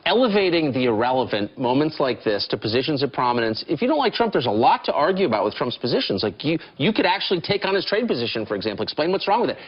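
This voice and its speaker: A woman co-hosting a news show, giving sharp, sarcastic opinions. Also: rumbling low, sing-song, fast talker, hardly any pauses, breathy edge, dull audio. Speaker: morning TV co-host.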